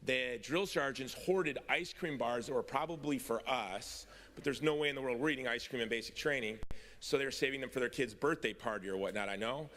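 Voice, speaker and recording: A man's voice: medium pitch, a little fast, a bit bright. Middle-aged man telling a story in a hall. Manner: storytelling, wry then earnest. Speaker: convention speaker. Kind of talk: personal testimony speech. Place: large hall. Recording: long hall reverb.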